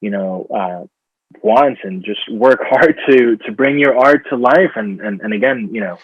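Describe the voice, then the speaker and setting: A man from Rica, an actor chatting as an interview guest, speaking haltingly with many fillers and restarts. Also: fairly low pitch, husky, dry recording. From Costa Rica. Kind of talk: casual interview chat. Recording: dull, dry lo-fi sound.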